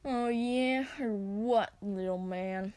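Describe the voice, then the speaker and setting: A woman's voice: medium pitch, fairly even intonation, slow pace, no echo, lightly acted. A woman doing a sneering drunk biker. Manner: bellowing, sneering. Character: hulking drunk biker, belligerent and rude.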